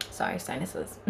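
A woman's voice: medium pitch, gravelly, slight background noise, rough recording. A young woman hosting a podcast, giving an earnest, chatty solo review full of "like" and "you know". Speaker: podcast host.

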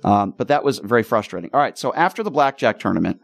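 A man hosting a radio talk show, telling stories in an animated, exasperated way. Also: on the low side, fast, gravelly, no room sound. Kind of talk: casual storytelling chat.

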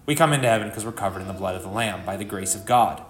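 A man preaching a live sermon as pastor, earnest and conversational, with sudden rises in pitch and volume for emphasis. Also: rapid-fire, fairly bright tone. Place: church sanctuary. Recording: echoey church hall.

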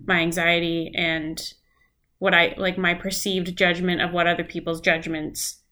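A woman's voice: lowish voice, level tone, a little slow, bright, forceful tone. A young woman co-hosting a podcast, talking in an open, heartfelt way with many fillers. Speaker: podcast co-host. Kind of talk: casual chat.

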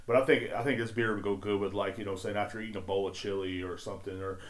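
A man's voice: lowish voice, fairly even intonation, quick pace. A man hosting a podcast in casual chat, rambling and laid-back, swearing often and leaning on fillers. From Texas. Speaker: podcast host.

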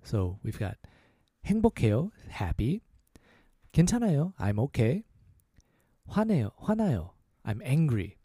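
A man hosting a casual spoken language lesson, saying each phrase slowly and repeating it several times. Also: medium pitch, very animated, dark tone, breathy edge, no room sound, clean studio sound. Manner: slow, repeated demonstration of phrases. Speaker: language teacher, podcast host.

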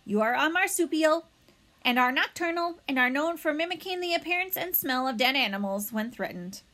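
A woman's voice: sits high, expressive, brisk, fairly bright tone, pitched above the performer's own voice. A woman voicing a polite, curious female robot who speaks in a plain, earnest, formal way.

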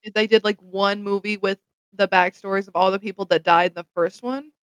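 A woman's voice: medium pitch, fairly even intonation, a little fast, smooth, no room sound. A woman hosting a podcast news segment, chatting casually and reading articles aloud in an easygoing, slightly hesitant way.

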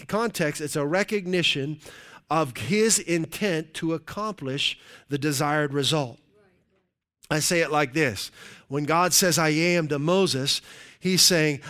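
A middle-aged man delivering a sermon from the pulpit in a somewhat high voice. He preaches in a conversational way and keeps checking in with his listeners with "right?". His tone stays plain and direct. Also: unhurried, a bit bright, smooth. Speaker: pastor.

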